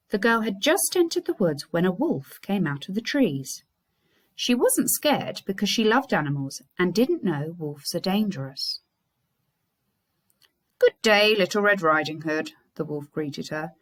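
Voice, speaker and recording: A woman primary school teacher with an English accent, reading a fairy tale aloud to her class in an expressive storyteller's manner. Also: mid-range voice.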